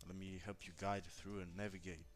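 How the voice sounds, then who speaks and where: A man's voice: sits low, level tone, fairly quick. A man chatting casually on a live stream, giving blunt, profane, reassuring relationship advice straight to a viewer.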